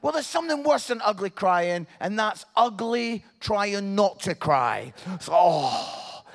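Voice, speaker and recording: A middle-aged Scottish man preaching a humorous sermon, telling a family story with lively swings from hushed tones to near-shouting. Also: sits high, unhurried, creaky.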